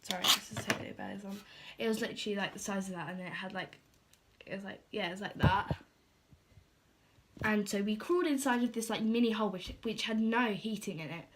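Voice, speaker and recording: A woman's voice: mid-range voice, brisk, heavy background noise. A teenage girl, telling a storytime vlog in a chatty, filler-heavy way and acting out what people said.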